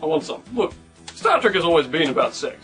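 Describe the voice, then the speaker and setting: A man's voice: on the high side, very animated, brisk, a bit bright, faint music behind. A man co-hosting a review show in casual, comedic chat, irreverent, crude and sarcastic. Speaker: co-host, film reviewer.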